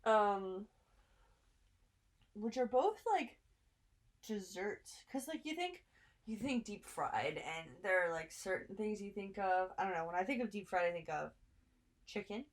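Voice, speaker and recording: Easygoing woman cohost, chatty, dry little asides, mid pitch voice. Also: expressive, a little slow, long pauses. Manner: laughs easily, dry asides. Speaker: podcast co-host. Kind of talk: casual chat.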